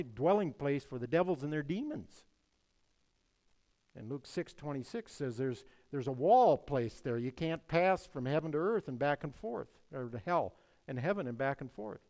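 Male preacher, slightly high and very animated delivery, emphatic sermon style with hushed-to-loud swings. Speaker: pastor.

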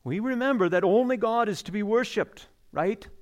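High-voiced man preaching with emphasis. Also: moderate pace. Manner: emphatic, repeats key phrases, drops low and soft at phrase ends. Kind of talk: sermon.

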